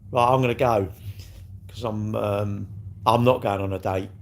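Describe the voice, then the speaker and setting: An older man, chatting loosely and bluntly to his livestream viewers. He jokes and swears freely, and his voice sits fairly low. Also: fairly even intonation, normal speed, slight background noise. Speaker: livestream host. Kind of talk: casual chat with viewers.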